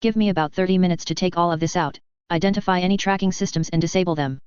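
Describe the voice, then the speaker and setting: Low-voiced woman narrating fiction. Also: fast, a little mellow, smooth, no room sound. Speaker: audiobook narrator. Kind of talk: first-person fiction narration. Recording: dull, lo-fi and dry.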